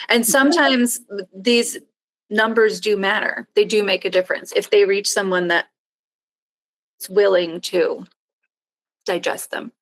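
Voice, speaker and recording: A woman's voice: mid-range voice, a bit bright. A woman speaking as a panelist on an online panel discussion, talking loosely with fillers and restarts. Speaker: panelist from a small nonprofit. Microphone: video call.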